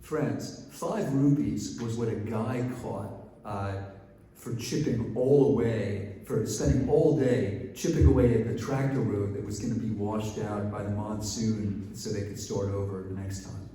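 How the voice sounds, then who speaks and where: A man's voice: lowish voice, fairly even intonation, a little slow, dark tone. A male professor giving a conversational storytelling lecture, often checking in with "right?", recorded from a distance in a large hall. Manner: conversational, frequent "right?" asides. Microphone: distant mic. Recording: echoey hall from a distance, faint ambience.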